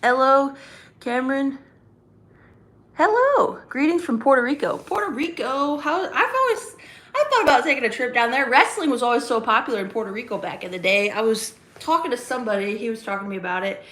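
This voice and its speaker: A woman's voice: fairly high pitch, animated, fast, a bit bright. Chatty rambling woman in a roomy space. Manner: rambling, chatty, many fillers and restarts. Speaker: livestream host. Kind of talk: casual chat with live chat.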